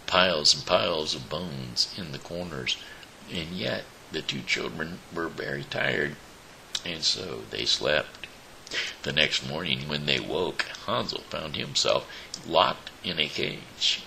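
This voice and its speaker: Very deep, gravelly man reading a story. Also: lively intonation, sharp tone, a little hiss or hum, poor audio. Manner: slow, with small slips and restarts. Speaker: show host reading a story.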